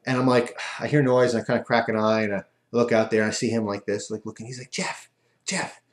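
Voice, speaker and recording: Low-voiced man rambling in an echoey room. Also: fairly even intonation, fast. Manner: rambling, loose and self-amused. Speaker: vlogger. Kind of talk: casual storytelling.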